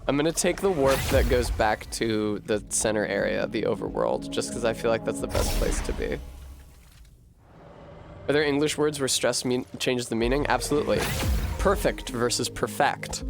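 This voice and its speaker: A man streaming a video game, chatting casually and thinking aloud to his viewers, swearing freely and getting animated. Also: medium pitch, moderate pace, gravelly, over music. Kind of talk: casual live-stream chat while gaming.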